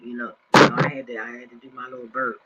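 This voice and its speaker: A man's voice: medium pitch, level tone, fast, bright, forceful tone, breathy edge. A man in his forties talking to his viewers in a slangy, rambling vlog style, often getting sidetracked at home. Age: 40s. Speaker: vlogger. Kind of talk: casual vlog talk. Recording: dull lo-fi recording.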